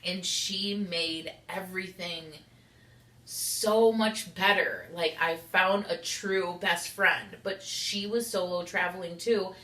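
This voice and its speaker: A woman's voice: on the low side, fairly even intonation, slow pace, fairly bright tone. A young woman rambling candidly in an unedited confessional vlog, saying "like" a lot. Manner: rambling, candid, heavy use of "like". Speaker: vlogger. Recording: echoey room.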